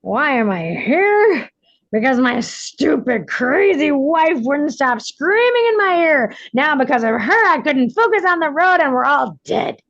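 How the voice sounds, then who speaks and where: A woman's voice: high-pitched, sing-song, highs cut off, voice pushed up, exaggerated voice. A woman doing a raging drunk father. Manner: shouting, blaming, slow and heated. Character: drunk raging alcoholic father, middle-aged man.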